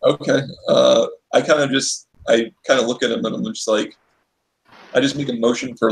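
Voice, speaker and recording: A man's voice: mid-range voice, fairly even intonation, normal speed, gravelly, low-quality recording. A man playing a tabletop game, hesitantly describing his character's actions with many restarts. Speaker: player.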